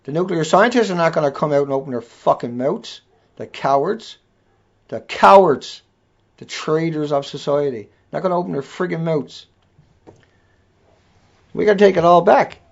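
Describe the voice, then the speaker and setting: Male vlogger, high voice, furious profane tirade, dull lo-fi sound. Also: a little fast, gravelly. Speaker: video blogger. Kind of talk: angry ranting monologue. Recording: dull lo-fi recording.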